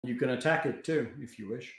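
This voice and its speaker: A man's voice: medium pitch, fairly quick. A man running a tabletop game as game master, handing out rulings with jokes. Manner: lively, jokey rulings. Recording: roomy echo.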